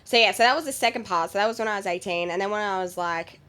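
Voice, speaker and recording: A woman's voice: mid-range voice, fast talker, a bit bright. An Australian woman in her late twenties, a podcast guest telling her story in casual chat, frank and blunt, swearing freely and peppering her talk with fillers.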